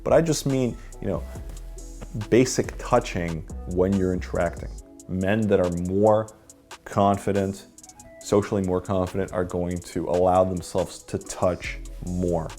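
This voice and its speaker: Deep-voiced male dating coach lecturing. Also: steady tone, unhurried, dark tone, soft background music. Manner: peppers points with "okay?" and "right?". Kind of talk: workshop lecture.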